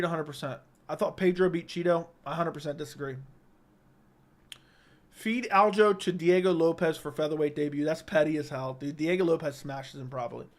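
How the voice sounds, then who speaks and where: A young man hosting a casual livestream, reading viewer comments and giving blunt, opinionated verdicts into a studio microphone. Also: on the high side.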